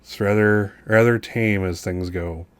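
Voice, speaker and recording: A man with a low voice runs a tabletop game, narrating in loose, halting runs full of restarts. He sits close to a dry, dead-sounding mic. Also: steady tone, clean tone, no echo. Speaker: game master.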